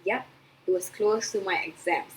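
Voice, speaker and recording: A young woman talks straight to her viewers in a casual vlog, chatty and earnest as she hands out encouraging tips. Her voice sits at an ordinary middle pitch. A faint noise hums under the recording. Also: moderate pace, rough recording. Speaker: vlogger. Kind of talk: casual advice vlog to camera.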